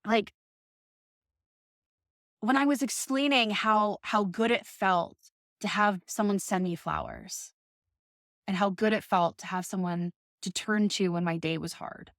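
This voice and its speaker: A woman's voice: mid-range voice, a little slow, pauses often, a bit bright, no room sound, clean studio sound. A woman in her thirties talking in a casual, passionate monologue, swearing often and ranting with emphasis. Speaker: podcast host.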